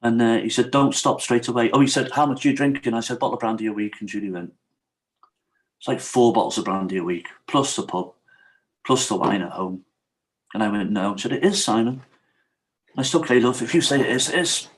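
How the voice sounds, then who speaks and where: This middle-aged man, a guest on a podcast, speaks candidly and emotionally about his own hardship, quoting what others told him and tossing in "you know what I mean?" often. His voice is on the low side and his pace brisk.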